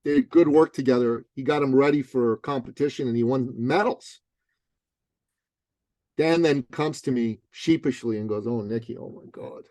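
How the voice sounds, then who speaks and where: A middle-aged man, an author and business coach, telling a punchy, animated story as a guest in an interview. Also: mid-range voice, normal speed, no room sound. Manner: lively, punchy, acts out other people's voices.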